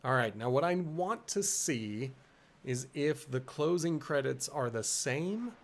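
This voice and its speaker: A man's voice: on the high side, animated, takes it slowly. A man streaming a video game, chatting casually and thinking aloud. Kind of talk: casual live-stream commentary.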